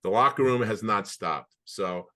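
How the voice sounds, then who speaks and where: A man co-hosting a podcast over a video call, telling anecdotes in an animated way with many restarts. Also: on the low side, unhurried. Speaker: podcast co-host. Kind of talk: casual storytelling chat.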